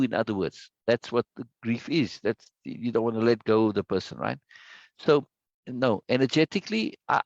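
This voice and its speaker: In a reflective talk to his listeners, a self-development teacher speaks earnestly and emphatically, circling back to key phrases. His voice sits on the high side, captured in a dull, lo-fi, dry recording.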